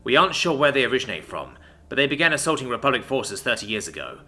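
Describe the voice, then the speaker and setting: A man's voice: medium pitch, sing-song, fast, sharp tone. A man voicing a nervous male reptilian alien ship commander who answers in a hesitant, formal way. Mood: subdued.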